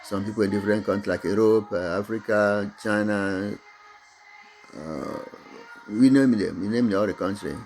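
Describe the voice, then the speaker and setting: A middle-aged man from Togo whose first language is Mina, speaking English with an accent and giving a halting motivational talk about his own business, full of restarts and fillers. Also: fairly low pitch, a little mellow, faint music behind. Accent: Togolese. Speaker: business owner.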